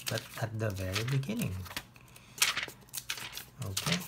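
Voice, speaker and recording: A man teaching an online lesson, explaining step by step with patient pauses and restarts. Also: fairly low pitch, big pitch swings, vocal fry, heavy background noise. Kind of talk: online lesson on reading biblical Greek.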